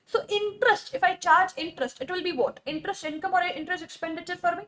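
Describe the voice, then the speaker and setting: A woman's voice: very high voice, fast talker, a bit bright. A young woman giving a classroom accountancy lecture, repeating key terms and quizzing her students.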